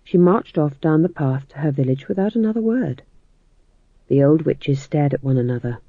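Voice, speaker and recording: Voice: medium pitch, animated, normal speed, no echo. An audiobook narrator reading a story in a dry, wry manner. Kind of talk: scripted narration. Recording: tinny phone-like audio, dry.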